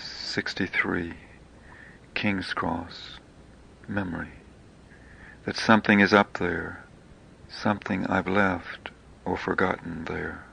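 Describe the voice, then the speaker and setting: A man reading his own poetic memoir in slow, hushed, half-whispered phrases. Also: low-pitched, gravelly, slight background noise.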